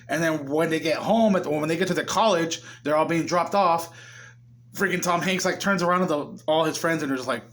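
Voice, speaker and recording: A young man talks through a movie plot in a loose, chatty recap. His voice sits a little high for a man. He keeps slipping into the characters' lines as he goes. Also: brisk, fairly bright tone. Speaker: movie reviewer.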